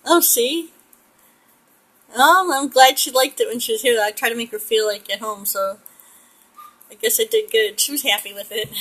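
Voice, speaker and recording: A woman's voice: on the high side, moderate pace, long pauses, sharp tone, low-quality recording. A middle-aged woman from the United States chatting in a rambling way while she paints a pet portrait, often laughing. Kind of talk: casual chat while painting.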